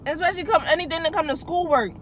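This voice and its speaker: This high-voiced young woman vlogger rushes through a casual storytime for her channel, her tone slightly bright. She speaks loosely and with slang, restarting sentences and tossing asides to viewers, on a low-quality recording with some hiss or hum.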